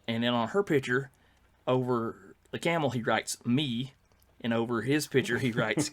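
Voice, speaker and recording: A man's voice: mid-range voice, moderate pace. An older man, telling rambling anecdotes as a podcast co-host, with many fillers and restarts. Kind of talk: casual storytelling chat.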